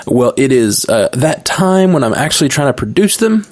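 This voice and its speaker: A man's voice: mid-range voice, very animated, moderate pace, a little mellow. A man co-hosting a podcast in casual chat, rambling with many restarts and laughing often. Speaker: podcast co-host.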